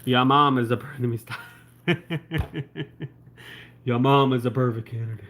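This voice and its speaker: A Southern man rambling through a livestream, his voice bright and forward. He talks loosely, full of likes, ums and laughing asides as he answers viewer comments. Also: mid-range voice, flat delivery, moderate pace, slight background noise. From South Florida. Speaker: YouTuber. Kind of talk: casual livestream chat reading viewer comments.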